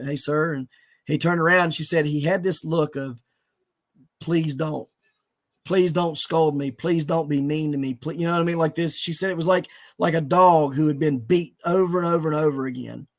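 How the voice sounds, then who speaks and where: A middle-aged man tells a moving personal story in an earnest, halting way, full of restarts. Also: a little high, vocal fry. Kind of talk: emotional storytelling in conversation.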